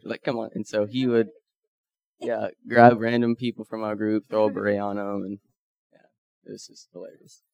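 A man who went on a mission trip shares photos with a group, casually recounting it and acting out the dialogue of the people he quotes. He's animated, his mid-range voice has vocal fry, and there's no echo.

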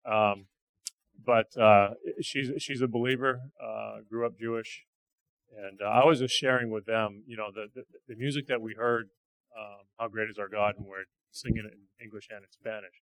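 A man sharing stories from a church mission trip in a halting, earnest way. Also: lowish voice, fairly even intonation, a bit bright, no echo, poor audio. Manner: halting, repeats words, earnest. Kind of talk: casual testimony talk.

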